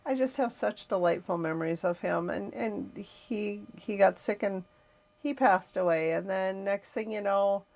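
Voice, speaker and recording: A middle-aged woman with a gravelly edge to her voice, speaking at an ordinary pitch. She hosts a podcast and tells a personal family story. She sounds reflective and emotional, often sighing between thoughts. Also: a little slow, darkish tone. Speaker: podcast host.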